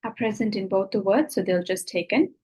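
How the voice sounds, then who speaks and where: A woman's voice: mid-range voice, animated, fairly quick, a little mellow, husky, rough recording. A woman teacher patiently explaining grammar rules, stopping often to check that the students are following. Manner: patient, repeats "okay?" to check understanding.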